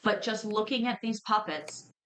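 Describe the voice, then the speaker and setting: A woman narrating a tabletop role-playing game as game master, measured and descriptive. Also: mid-range voice, a bit bright, a little hiss or hum, low-quality recording.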